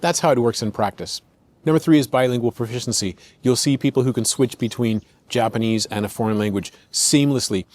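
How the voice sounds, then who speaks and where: American male podcast host, mid-pitched, chatty explainer who numbers his points and voices quotes. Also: fairly quick, darkish tone, dry recording. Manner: conversational, lists points, acts out quotes. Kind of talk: explanatory commentary.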